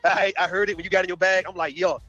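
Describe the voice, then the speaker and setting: A man on a stream panel teases a friend in quick, friendly bursts. His voice sits slightly high. The stream audio is dull and dry. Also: level tone, sharp tone, dry recording, soft background music. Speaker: panel guest. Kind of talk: casual livestream panel talk.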